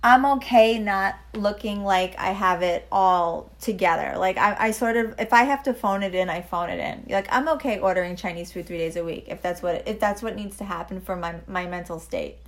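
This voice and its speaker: A woman's voice: mid-range voice, moderate pace, hardly any pauses. Frank woman in her forties, chatty. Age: 40s. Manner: candid, frank, peppered with "like". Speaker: podcast co-host. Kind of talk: casual chat.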